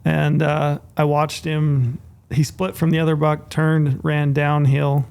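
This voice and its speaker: A man's voice: fairly high pitch, level tone, slow, gravelly, a little mellow, clear, resonant tone. A man co-hosting a podcast, telling a long story casually, with restarts and quoted dialogue, on a studio mic. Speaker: podcast co-host.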